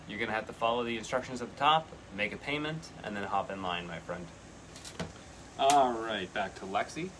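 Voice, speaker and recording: Casting note: man, tarot reader on a live stream, chatty and earnest, with a bright tone and faint room noise behind. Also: medium pitch, low-quality recording. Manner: chatty, earnest, excitable bursts.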